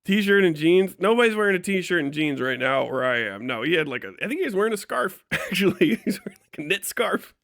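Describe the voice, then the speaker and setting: A man's voice: high voice, fairly quick, gravelly, dry recording. A man from Kentucky telling a story on his livestream, swearing freely and laughing often. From Kentucky, USA. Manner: profane, animated retelling, frequent laughs. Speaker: live streamer.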